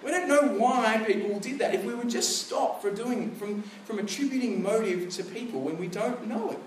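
A pastor in his thirties preaches with a high, lively voice. He tells stories from everyday life in a relaxed, chatty way. His voice carries from a distance across an echoey hall, with a faint hum of room noise behind it. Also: normal speed. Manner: conversational, storytelling with animated asides. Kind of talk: sermon.

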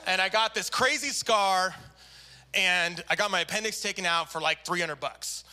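A man's voice: high-pitched, moderate pace, bright, forceful tone. A man preaching a sermon, telling a story animatedly and acting out the people in it. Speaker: pastor.

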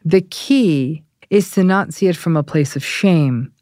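A woman hosting a podcast, speaking in a calm, measured way. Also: fairly low pitch, dry recording, studio quality. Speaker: podcast host. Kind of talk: interview hosting.

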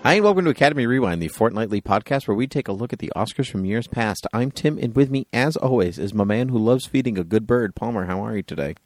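A man's voice: fairly low pitch, lively intonation, fast talker, hardly any pauses, no room sound, studio quality, soft background music. A man hosting a podcast in casual chat, laughing often and teasing his co-host.

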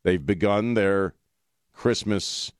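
A man's voice: on the low side, slow pace, clean tone, no echo, studio quality. A man hosting a talk radio show, chatting bluntly and jokingly. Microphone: studio mic.

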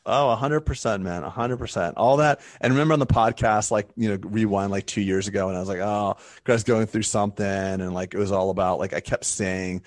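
A man with a fairly low voice chats casually on a podcast, telling stories with animation and slipping into the voices of the people he quotes. The sound is dry and close, with little room behind it. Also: fairly even intonation, brisk, few pauses, dry recording. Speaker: podcast co-host.

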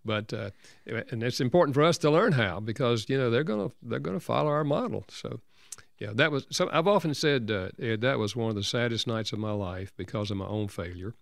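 An older man, a counselor and author, telling a personal story as an interview guest in an earnest, gentle way. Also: mid-range voice, fairly quick, vocal fry, dry recording, studio quality.

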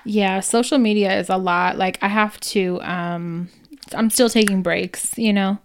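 A woman of middle pitch with a gravelly texture chats casually as a podcast co-host. She uses slang and keeps chiming in with quick agreement. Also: steady tone, a little hiss or hum. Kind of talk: casual chat.

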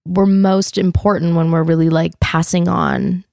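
A middle-aged woman from Canada talks casually as an interview guest. Her voice is low with a gravelly edge, recorded close and dry. She rambles and swears lightly, laughing as she goes. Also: level tone, a little slow, a little mellow, dry recording. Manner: chatty, swears casually, laughs often, acts out quotes.

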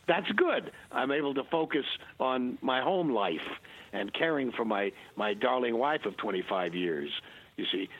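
An older man with a husky voice tells rambling stories, full of restarts, little chuckles and acted-out asides. The sound is dull and lo-fi, as if from a modest recording. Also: medium pitch. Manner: halting, many restarts, chuckles. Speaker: interview guest. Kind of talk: rambling anecdotal conversation.

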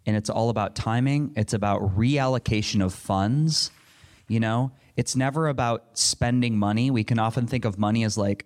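A man's voice: medium pitch, a little fast. A middle-aged man answering a panel question in an earnest, rambling way, with frequent restarts. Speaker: panel speaker.

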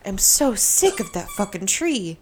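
A woman's voice: medium pitch, very animated, unhurried, a little mellow, a little hiss or hum. A woman co-hosting a casual podcast, laughing often and swearing freely. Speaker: podcast co-host.

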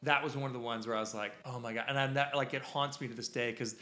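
A man's voice: medium pitch, steady tone, quick pace, heavy background noise. A man hosting a podcast, telling a casual story in a rambling, self-interrupting way. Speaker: podcast host. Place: podcast studio. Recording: echoey room.

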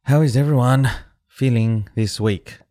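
A man's voice: medium pitch, unhurried, dry recording, clean studio sound. A man hosting a casual chat podcast with friends, telling self-mocking stories. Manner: self-mocking storyteller, lively. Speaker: podcast host.

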